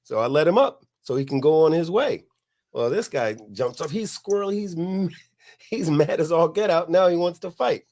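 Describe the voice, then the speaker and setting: A man's voice: on the high side, animated, normal speed, darkish tone. Laid-back man telling a rowdy story. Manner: laid-back, profane, laughs at his own story. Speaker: podcast host. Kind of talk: casual storytelling.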